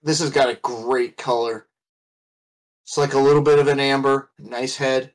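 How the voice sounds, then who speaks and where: A man co-hosting a casual beer podcast, laid-back, swearing freely and pausing with fillers. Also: medium pitch, level tone. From Ohio. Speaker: podcast co-host. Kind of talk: casual beer review chat.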